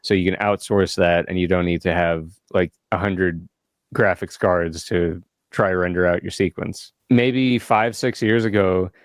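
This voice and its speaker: A man's voice: low voice, fairly even intonation, a little slow, dry recording. A man co-hosting a casual podcast from a studio, rambling and laughing often. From South Africa. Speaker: podcast co-host. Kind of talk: casual chat.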